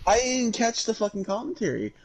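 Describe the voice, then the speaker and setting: A man with a somewhat high voice co-hosting a casual podcast. He grumbles with frustration, swears often and laughs between complaints. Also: sing-song, fairly quick, slightly rough, rough recording. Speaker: podcast co-host. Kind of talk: casual chat.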